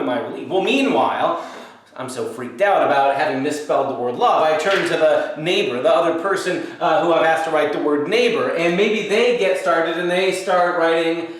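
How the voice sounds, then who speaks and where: A male pastor giving a children's Sunday school lesson, telling a playful story and acting out both sides. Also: on the high side. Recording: very echoey room, mic far off.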